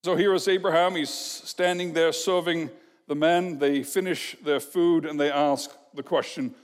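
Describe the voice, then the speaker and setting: A pastor with a fairly high voice delivers an expository sermon, emphatic and measured, leaning on rhetorical questions. His words ring out in a large hall with a long, lingering reverb, as in a church sanctuary. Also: fairly even intonation.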